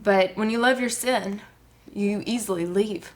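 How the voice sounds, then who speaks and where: On a talk show, a woman guest gives an earnest personal testimony scattered with many fillers. Her voice is mid-range and her pace unhurried.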